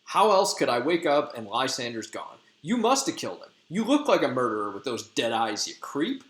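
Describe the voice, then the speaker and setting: A man's voice: mid-range voice, big pitch swings, moderate pace, close to an everyday voice. A man voicing an angry young woman who hurls slangy insults in a raised, sneering voice. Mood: scornful. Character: furious young woman, scornful and accusing. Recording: echoey room.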